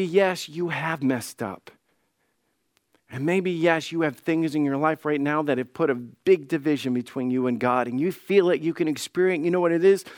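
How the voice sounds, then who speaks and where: A man's voice: high voice, dry recording. Impassioned male pastor, dry close sound. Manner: impassioned preaching that swings between soft pleading and loud declaration; acts out quoted voices in his telling. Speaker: lead pastor. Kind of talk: sermon.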